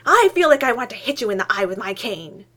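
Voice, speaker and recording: A woman voicing a fussy, grumbling male academic, low and clipped. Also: expressive, brisk, lightly acted.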